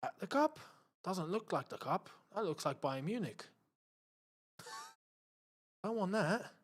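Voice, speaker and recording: Young man, London accent, live watchalong host, excitable, mutters to himself, swooping voice. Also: high-pitched, takes it slowly. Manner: chatty, excitable, muttering to himself while fiddling with the screen. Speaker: football channel host.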